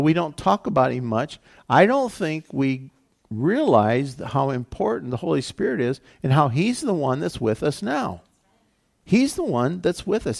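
A man's voice: medium pitch, gravelly, a little mellow. A man, a pastor, giving a casual, conversational sermon with lots of fillers.

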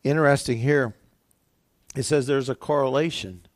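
A man's voice: mid-range voice, fairly even intonation, normal speed, no room sound, studio quality. A male pastor preaching a sermon, retelling scripture in a conversational, everyday way.

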